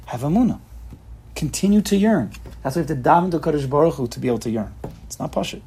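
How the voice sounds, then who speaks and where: A man's voice: on the high side, animated, fast, warm tone, breathy edge. A man giving an emphatic, repetitive Torah lecture, mixing in Hebrew and Yiddish terms. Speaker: Torah teacher.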